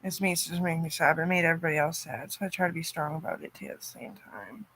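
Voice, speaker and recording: A woman in a rambling personal monologue, cursing often, her loudness swinging from loud outbursts to near-murmurs. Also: sits low, little pitch movement, rapid-fire, breathy edge.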